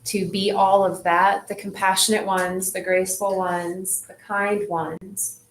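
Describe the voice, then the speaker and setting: A woman leading a group in a relaxed, reflective way, often saying "like". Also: mid-range voice, unhurried. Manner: relaxed, reflective, says "like" a lot. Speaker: group facilitator. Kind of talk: casual wellness group talk. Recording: echoey room, faint noise.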